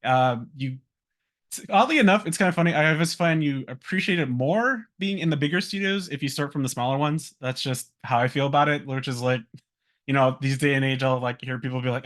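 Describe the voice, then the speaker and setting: A man's voice: mid-range voice, brisk, fairly bright tone. A man in his thirties, a guest speaker and animator, talking casually about his career, with lots of fillers, restarts and small laughs. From Virginia, US.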